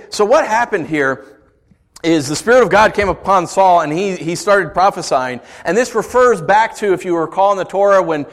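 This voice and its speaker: A man preaching a sermon, conversational and animated, with playful asides to the congregation. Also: fairly high pitch. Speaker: pastor.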